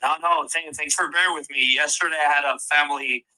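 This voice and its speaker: A man joins a livestream as an interview guest, polite and courteous in how he answers. His voice sits a little high and rings very bright. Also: fairly even intonation, brisk, low-quality recording. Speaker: guest, boxing official.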